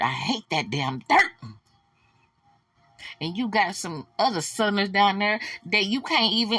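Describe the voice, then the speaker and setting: A woman hosting a celebrity gossip show, blunt, animated and profane. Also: medium pitch, slightly rough, no room sound. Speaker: host.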